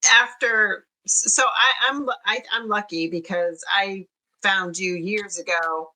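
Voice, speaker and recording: A woman's voice: medium pitch, a little slow, sharp tone, rough recording. A woman guest on a podcast, a dog owner who speaks earnestly and thoughtfully. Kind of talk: casual podcast chat.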